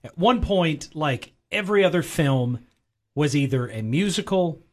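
A man's voice: on the high side, animated, measured pace. A man co-hosting a film review podcast, chatting in a rambling, enthusiastic way. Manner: rambling and enthusiastic, with frequent fillers. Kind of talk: casual chat.

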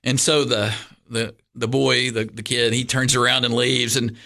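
Bright-voiced man telling a story. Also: medium pitch, normal speed. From Kentucky, USA. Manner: rambling, animated storyteller with many fillers and restarts. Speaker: pastor, guest. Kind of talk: casual storytelling interview.

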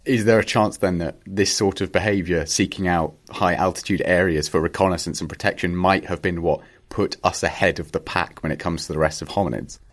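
A man's voice: sits low, fairly even intonation, fairly quick, hardly any pauses. A man interviewing a scientist, asking questions conversationally.

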